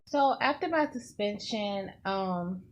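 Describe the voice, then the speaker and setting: A young woman vlogger telling a casual storytime, animated and swearing, acting out what people said. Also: medium pitch, takes it slowly, background noise. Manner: animated, swearing, acts out quotes.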